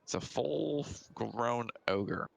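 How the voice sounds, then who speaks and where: A man narrating a tabletop game as game master, halting and hesitant, with many fillers. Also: mid-range voice, creaky, no room sound.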